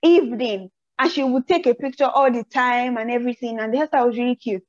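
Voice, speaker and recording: A young woman with a Nigerian accent tells personal stories on her podcast. Her voice sits high, and she acts out the people in her stories with a lot of energy. The recording is a little muffled and dry, with no room sound. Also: fast, no echo. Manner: animated storyteller who acts out quotes. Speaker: podcast host. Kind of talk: casual chat, personal storytelling. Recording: slightly dull, dry audio.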